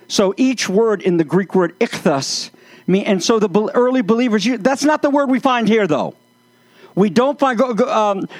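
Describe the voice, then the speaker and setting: A man's voice: high voice, no echo. A man preaching a sermon, telling playful, self-mocking stories and stretching words for emphasis. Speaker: pastor.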